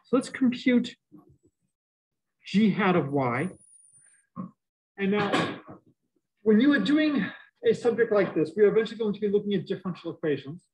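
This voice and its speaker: With a high voice and a moderate pace broken by long pauses, a middle-aged man teaches university math in a Boston accent. He's animated, jokes with students, and sounds muffled behind a face mask.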